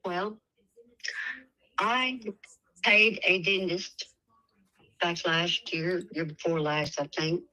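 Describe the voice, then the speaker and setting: A woman with a Tennessee accent calls in, speaking very slowly and hesitantly in a soft voice. Her tone is bright, and her voice sits a little low. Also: fairly even intonation, poor audio. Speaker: caller. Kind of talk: phone call to a show.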